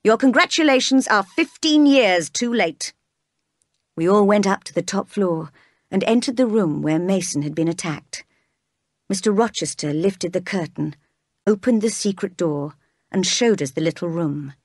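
A woman narrates a storybook read-aloud, steady and clear. Her voice sits a little low. The sound is dry and close to the mic. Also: normal speed, no echo.

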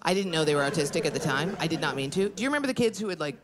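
A woman doing a stand-up comedy set, telling crude stories in a brash, animated way on a club stage. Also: low voice, rapid-fire. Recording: noisy live club recording with crowd. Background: audience laughter.

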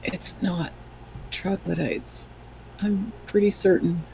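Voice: mid-range voice, fairly even intonation, takes it slowly, vocal fry, darkish tone, a little hiss or hum, poor audio. A tabletop game player making matter-of-fact remarks about their character.

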